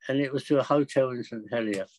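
An older man telling travel stories as a podcast guest, chatty and excitable, with frequent laughs. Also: medium pitch, quick pace, low-quality recording. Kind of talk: anecdotal storytelling.

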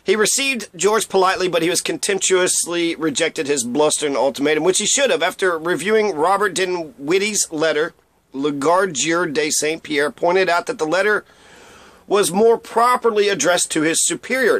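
A man with a high voice tells history in a loose, irreverent way, dropping blunt asides and tripping over names before trying them again. It is a dry recording, close and with no room sound. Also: moderate pace, a bit bright, no echo. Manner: stumbles over and repeats names. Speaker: history presenter. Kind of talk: casual spoken history lesson.

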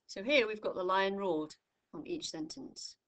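A woman tutor giving a recorded grammar lesson, speaking clearly and patiently, from the United Kingdom, stressing each example phrase. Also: medium pitch, sing-song, a little slow, a bit bright. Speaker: English tutor.

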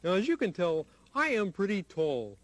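A man's voice: high-pitched, huge pitch swings, normal speed, no room sound. A man voicing a cheerful, playful young male puppet who explains things chirpily.

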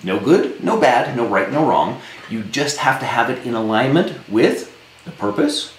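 A man's voice: medium pitch, lively intonation, measured pace, slight background noise. A man from Saskatchewan, a business coach giving a blunt, emphatic live-streamed coaching talk, swearing when worked up. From Saskatchewan, Canada. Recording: roomy echo with faint ambience.

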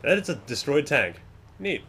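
A young man giving casual gameplay commentary, swearing often and muttering to himself, then yelling at other players. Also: on the high side, very animated, normal speed, slight background noise.

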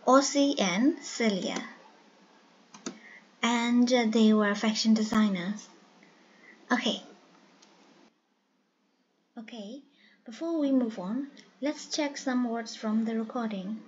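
Slow, careful woman English teacher. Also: on the high side, a little mellow. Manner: slow and careful, repeats key words. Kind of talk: slow classroom explanation. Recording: dull lo-fi sound with faint hiss.

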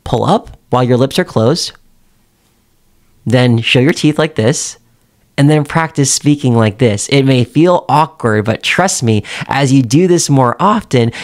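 A man coaching on how to connect with people, speaking straight to the viewer in an emphatic, demonstrative way. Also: mid-range voice. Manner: animated, emphatic, addresses the viewer directly. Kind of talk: direct-to-camera teaching.

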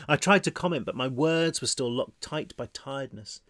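A man reading his own novel aloud in first person, steady and measured. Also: medium pitch, no room sound, studio quality. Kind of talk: first-person audiobook narration.

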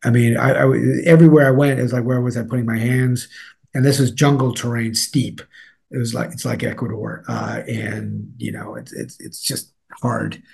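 A man's voice: medium pitch, moderate pace, vocal fry, darkish tone, slightly rough. A man in an interview, speaking as a newsletter editor in a rambling way, with many fillers and restarts. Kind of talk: casual interview talk.

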